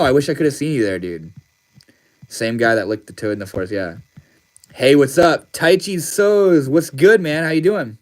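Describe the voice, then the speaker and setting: A man hosting a casual livestream, reading viewer comments aloud and answering them in a laid-back, slangy way. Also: mid-range voice. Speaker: livestream host.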